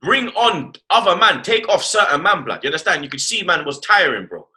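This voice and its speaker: Excitable man with bright voice. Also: high-pitched, a little fast. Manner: animated slangy talk, repeats "blood" and "you get me". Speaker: host. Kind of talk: casual football chat.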